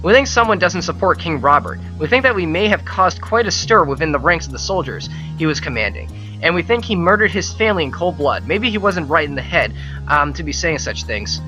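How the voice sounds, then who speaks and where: A man reading aloud the lines of a game figure who calmly accuses a soldier of murder and arrests him, in a measured, formal way. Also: a little high, muffled recording, soft background music. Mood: cold. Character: cold male accuser arresting a traitor.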